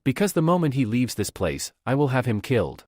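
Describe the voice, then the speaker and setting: A man's voice: mid-range voice, very animated, fairly quick, a little mellow, no room sound. A man voicing a scheming, sinister young woman who speaks coldly. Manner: cold, scheming. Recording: dry close recording.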